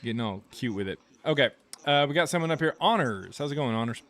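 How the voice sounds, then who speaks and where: A man's voice: medium pitch, animated, fast, fairly bright tone. A man hosting a live stream, reading super chats in a casual, jokey, rambling way with many fillers.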